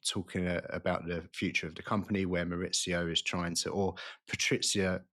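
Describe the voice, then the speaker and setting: Man, low voice, casual film podcast chat, stumbling restarts. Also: flat delivery, sharp tone. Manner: rambling, halting restarts. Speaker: podcast co-host.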